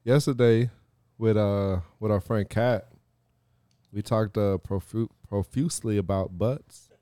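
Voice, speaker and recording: A man's voice: fairly low pitch, steady tone, measured pace, warm tone, smooth, no room sound, studio quality. A man co-hosting a podcast, talking in a laid-back, casual way with many fillers. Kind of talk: casual crude banter.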